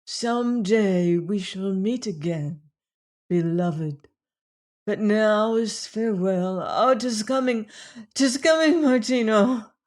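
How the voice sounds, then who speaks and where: A dying young woman murmurs her farewells in a faint, breathy voice, as a man reads her lines. She speaks slowly and weakly, her tone tender and pleading. It is a storybook reading. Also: high-pitched, pitched above the performer's own voice. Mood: hushed. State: dying, weak. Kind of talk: audiobook character reading.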